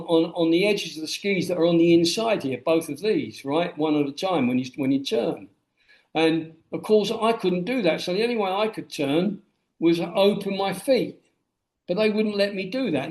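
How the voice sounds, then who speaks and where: A man being interviewed about his memoir, telling stories and acting out the things people said to him. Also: a little high. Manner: animated storyteller who acts out quoted dialogue. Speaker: guest, memoir author. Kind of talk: storytelling interview answer. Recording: roomy echo.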